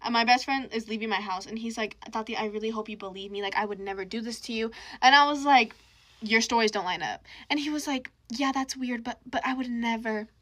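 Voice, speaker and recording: Young woman, bright and high-ish, casual storytime with slangy drama. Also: brisk. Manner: chatty, dramatic, slangy retelling.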